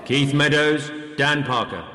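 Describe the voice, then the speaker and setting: A man's voice: fairly high pitch, a little slow, pushed and bright, slight background noise. A pompous, stern judge in a radio sitcom, handing down his sentence with dry self-importance. His voice rings out in an echoey room with a long reverb tail. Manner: pompous, exasperated.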